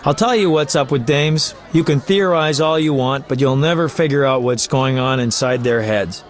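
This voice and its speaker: A man's voice: mid-range voice, moderate pace, natural voice. A man voicing a chatty, flamboyant male poet and bard who talks in a teasing, talkative way. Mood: lively. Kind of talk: video game voice acting.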